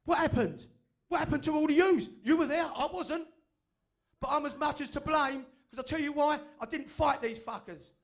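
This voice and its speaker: Fiery high-voiced man. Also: moderate pace, gravelly. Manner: fiery, sweary, repetitive. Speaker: fan group speaker. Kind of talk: impassioned speech to a meeting. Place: meeting room with audience.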